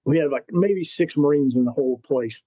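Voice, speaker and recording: Mellow-voiced man telling war stories. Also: on the high side, a little fast, breathy edge, no echo, lo-fi sound. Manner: animated storyteller who acts out quotes. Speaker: podcast guest, Marine veteran. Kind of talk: casual storytelling.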